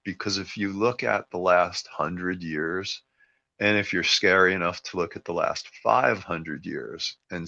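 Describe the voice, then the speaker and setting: Male podcast host, deep gravelly voice, rambling casual opinions. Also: pushed and bright. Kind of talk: casual chat. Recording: dull lo-fi sound.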